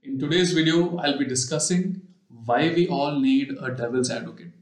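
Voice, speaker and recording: A man's voice: a little high, moderate pace. Man telling a story in an echoey room. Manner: conversational storytelling with frequent "you know" fillers. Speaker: podcast and video host. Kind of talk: casual explanatory monologue. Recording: echoey room with faint music.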